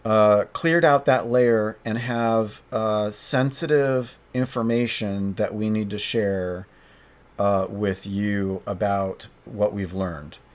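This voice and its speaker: A man playing a tabletop game solo, narrating as he thinks aloud, halting and restarting often. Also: on the low side, fairly even intonation. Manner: halting, hesitant, frequent restarts.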